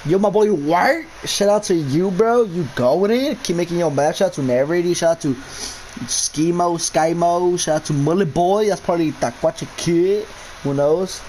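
A man's voice: sits high, normal speed, a little mellow, a little hiss or hum, poor audio. A young man commentating a horror game for his channel, talking in casual slang, cursing constantly and shrieking when scared. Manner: casual slang, addresses viewers as bro and guys. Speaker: gaming YouTuber.

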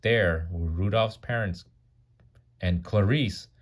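A man reads a children's picture book aloud at bedtime in a deep, low voice. He is animated and stops now and then to gasp and comment. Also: slow. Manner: animated, gasps and comments mid-story. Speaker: parent reading to a child. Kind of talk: bedtime storybook reading.

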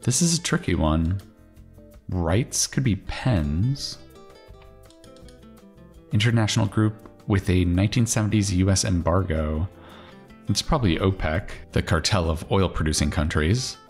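A man's voice: low-pitched, measured pace, pauses often, darkish tone, soft background music. A man casually thinking aloud as he solves a crossword, musing and correcting himself with chatty asides.

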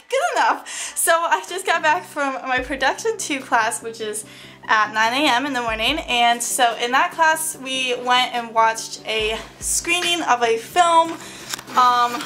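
In her bedroom, a young adult woman vlogs to her camera, rambling cheerfully in a voice pitched a little high, pushed and bright. She sounds slightly out of breath, scattering fillers and laughs through her chatty talk while faint music plays underneath.

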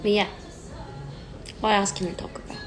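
A woman's voice: mid-range voice, flat delivery, normal speed, over music, poor audio. A woman in her twenties talking on a phone livestream, nervous and near tears, hesitant and self-deprecating, with many fillers. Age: 20s. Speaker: pop singer on a livestream. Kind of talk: casual livestream chat. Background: sad song playing faintly.

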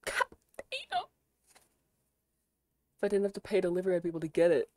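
A young woman from the United States chatting casually on a stream, swearing freely and reacting out loud as she browses. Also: on the low side, huge pitch swings, brisk, long pauses, no echo.

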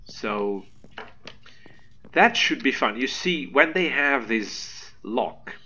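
Excited guy doing let's play commentary, bright punchy voice, keeps talking to the viewers. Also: medium pitch, slow, breathy edge, lo-fi sound. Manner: excitable, animated, talks to viewers. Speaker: gaming video host.

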